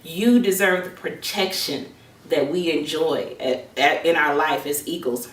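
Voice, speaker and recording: A woman's voice: deep voice, a little slow. Woman doing an uplifting older eagle. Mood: urging. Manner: urgent, uplifting persuasion. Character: wise, encouraging older eagle. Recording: roomy echo, distant from mic.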